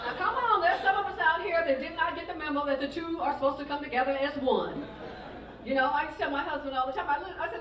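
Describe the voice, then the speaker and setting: A woman's voice: sits high, fast talker. A middle-aged woman doing stand-up comedy, sassy and chatty, teasing the audience about marriage and motherhood. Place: large hall with live audience. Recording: echoey hall from far off, crowd laughter and noise.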